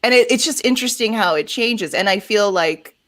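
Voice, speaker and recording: A woman's voice: mid-range voice, a little fast, a bit bright, no room sound. Female guest, conversational and loose, dry and close. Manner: chatty, lots of likes and ums. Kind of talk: casual chat.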